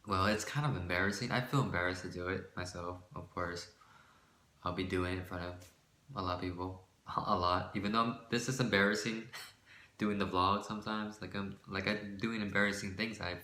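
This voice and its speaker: A man's voice: sits low, fairly even intonation, a little fast, bright, forceful tone, echoey room. A man talking to the camera in a casual vlog, rambling and self-deprecating, restarting his sentences and laughing nervously between phrases. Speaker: vlogger.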